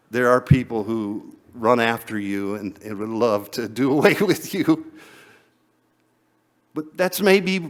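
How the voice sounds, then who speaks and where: A male pastor preaching a sermon in a conversational way, chuckling often and repeating words as he goes. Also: on the high side.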